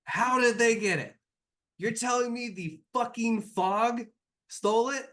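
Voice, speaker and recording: A man's voice: high voice, rapid-fire, fairly bright tone, voice pushed up. Man putting on a cursing, exasperated inventor. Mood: outraged. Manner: profane, exasperated outbursts. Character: volatile male inventor with mechanical arms.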